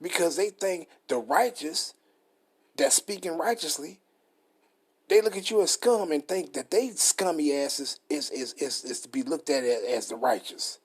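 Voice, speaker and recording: Husky-voiced emphatic male preacher. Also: on the high side, animated, unhurried. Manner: emphatic, repetitive, reads definitions aloud. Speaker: street preacher. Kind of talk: scripture study sermon.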